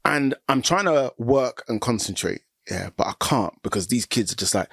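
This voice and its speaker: Casting: man, podcast co-host, gravelly low-mid voice, animated storytelling, dry close mic. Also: normal speed, hardly any pauses, dry recording. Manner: animated, acts out his kids' voices. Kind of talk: casual chat.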